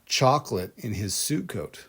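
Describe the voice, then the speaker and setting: A man's voice: fairly low pitch, lively intonation, unhurried, a bit bright, breathy edge. A man co-hosting a podcast in casual chat, telling rambling stories with restarts and laughs. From United States. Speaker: podcast co-host.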